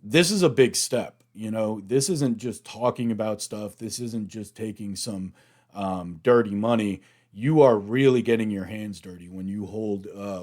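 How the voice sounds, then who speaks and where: American dude doing a casual show recap, lowish voice, chatty and animated. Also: male voice. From United States. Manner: chatty, animated retelling, acts out quotes. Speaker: reaction video host.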